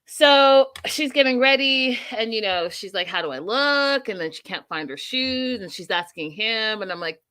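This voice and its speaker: A woman's voice: fairly high pitch, animated, normal speed, hardly any pauses, fairly bright tone. A woman hosting a casual reality TV recap chat, talking with animation, acting out quotes and laughing often. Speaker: host.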